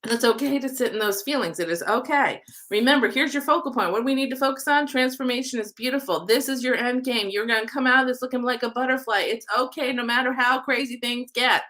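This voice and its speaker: A woman's voice: on the high side, fast talker, few pauses, bright, forceful tone. A woman doing a live-streamed oracle card reading, chatty, affectionate and upbeat, her nose stuffy from a cold.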